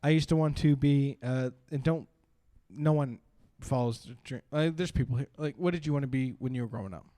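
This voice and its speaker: A man's voice: medium pitch, fairly quick, no room sound. Rambling stand-up comic man, dry sound. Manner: rambling, lots of "like" and "uh", sudden loud bursts. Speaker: stand-up comedian. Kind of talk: stand-up comedy set.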